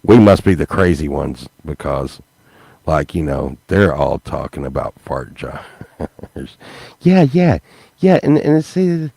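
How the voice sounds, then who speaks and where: A man's voice: sits low, vocal fry, a little mellow, dry recording. A man talking casually to his viewers in a rambling vlog, repeating himself and breaking into laughter. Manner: rambling, repetitive, laughs mid-sentence. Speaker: YouTube vlogger.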